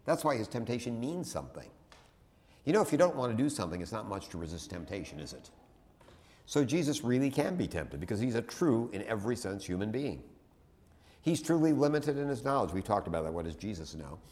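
Low-voiced man lecturing casually. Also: sing-song, brisk, a little mellow. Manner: conversational, digressive, with many restarts and asides. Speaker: teacher. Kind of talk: classroom lecture.

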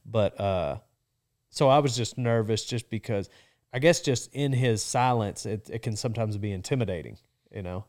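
A man in casual conversation, relaxed and reflective, recalling a nervous phone call with a boss and using lots of "you know.". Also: lowish voice, moderate pace. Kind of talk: casual chat.

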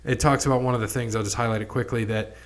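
A man's voice: medium pitch, fairly even intonation, rapid-fire. A man hosting a podcast in a casual chat, rambling with lots of restarts and casual swearing. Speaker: podcast host.

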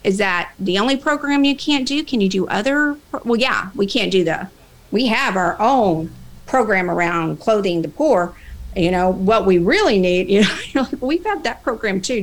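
Animated woman trainer giving a talk. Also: medium pitch, poor audio. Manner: animated, plays both sides of dialogues. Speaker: speaker, workplace trainer. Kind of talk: motivational talk with acted-out dialogue.

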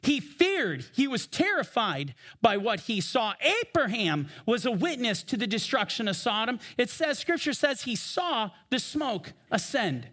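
A man preaching a sermon from the pulpit, emphatic, slowing down for scripture readings. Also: extremely high pitch, very animated, fairly bright tone. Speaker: pastor. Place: church.

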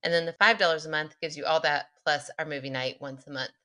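A woman's voice: low-pitched, fairly even intonation, quick pace, pushed and bright. A woman co-hosting a podcast, chatty and upbeat as she reads out show details. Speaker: podcast co-host. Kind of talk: casual chat.

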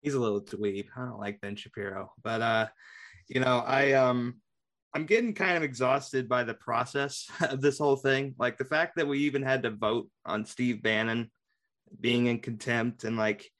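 A man's voice: medium pitch, normal speed, a bit bright. A man co-hosting a podcast in casual political chat, wry and joking. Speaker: podcast co-host.

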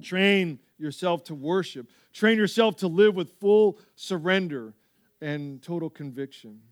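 A male pastor preaching a sermon, telling stories with lively asides to the church. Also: high-pitched, a little slow, no room sound, studio quality. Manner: animated storytelling with frequent asides.

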